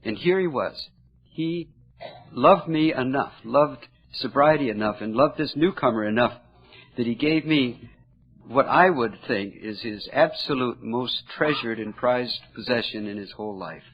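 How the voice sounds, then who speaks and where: An older man speaking earnestly at a recovery meeting, telling a personal story in a halting, heartfelt way. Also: medium pitch, expressive, breathy edge. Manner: earnest, halting, emotional at moments. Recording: dull lo-fi recording.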